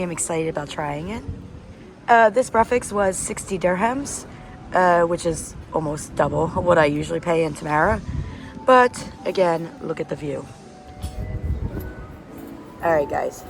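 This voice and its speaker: A travel vlogger talks casually to camera, her fairly low, gravelly voice expressive and unhurried, with frequent pauses. She chats enthusiastically about food and places while on the move, outdoors and in cafes. Street and traffic noise can be heard behind her.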